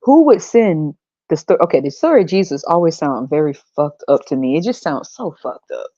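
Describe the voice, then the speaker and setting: A woman's voice: low voice, animated, normal speed, dark tone, no room sound, muffled recording. A woman hosting a podcast, ranting bluntly with a lot of profanity. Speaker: podcast host.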